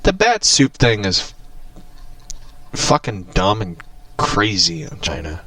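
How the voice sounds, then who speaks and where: A man's voice: lowish voice, wildly swooping pitch, takes it slowly, noisy background. A man rambling casually through news and geek topics, loose and profane, with frequent restarts. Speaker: vlogger.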